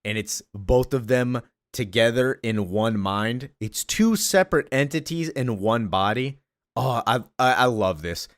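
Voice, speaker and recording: An excited man recaps a comic book page by page and gushes over the art. His voice sits at an ordinary male pitch. The sound is dry and close, with no room echo. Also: unhurried. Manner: excited, gushing, reads character lines with slight voices.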